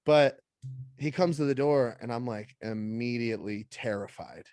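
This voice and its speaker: A man's voice: medium pitch, normal speed, a little mellow, no room sound. A man in his thirties co-hosting a podcast, telling a story in casual chat and jumping into quoted voices. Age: 30s. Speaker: podcast co-host.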